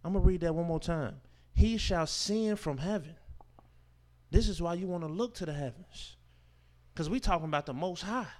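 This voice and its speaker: A man teaching a scripture class as a sermon, reading verses aloud and explaining them with emphatic, informal preaching that swings from loud declarations to quiet asides. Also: on the high side, moderate pace. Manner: informal speech with dropped verb endings and rhetorical questions.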